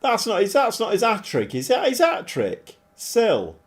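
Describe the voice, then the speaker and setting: A middle-aged man commentating live on his football management game, animated and often shouting at his players. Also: high voice, measured pace. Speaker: game streamer.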